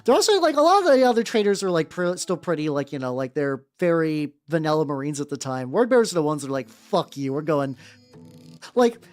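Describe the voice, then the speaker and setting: A woman's voice: low voice, big pitch swings, fast, few pauses, darkish tone. A woman chatting casually on a live stream while painting miniatures, rambling with lots of fillers and casual swearing. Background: faint background music.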